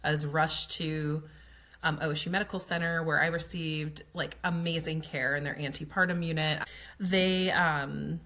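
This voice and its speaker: A woman tells a personal story in a relaxed, conversational way. Her voice sits fairly low, and she peppers her talk with "like" and slips into quoted dialogue. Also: moderate pace. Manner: chatty, frequent "like" fillers, acts out quoted dialogue. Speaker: guest, pelvic floor occupational therapist. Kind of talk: casual storytelling.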